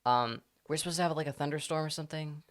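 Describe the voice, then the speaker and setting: Talking fast at a middle pitch, a live streamer chats casually to viewers. They ramble, laugh often and curse freely.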